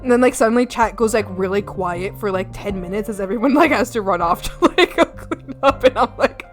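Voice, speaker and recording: A woman's voice: mid-range voice, animated, fairly quick. A young woman streamer chatting casually to her viewers, rambling and giggling with crude, playful jokes and lots of fillers. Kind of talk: casual live-stream chat. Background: soft background music.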